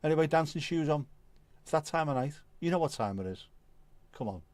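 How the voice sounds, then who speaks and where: Expressive and fairly quick, this middle-aged livestream host has a slightly high, slightly mellow voice in a dry recording. He chats casually while reading viewer comments, often laughing and swearing.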